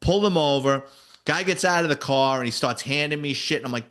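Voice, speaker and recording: A man, a retired detective and author, telling stories in a casual interview, animated and salty. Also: fairly high pitch, brisk, smooth. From New York City. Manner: animated storyteller, voices quoted people, swears casually.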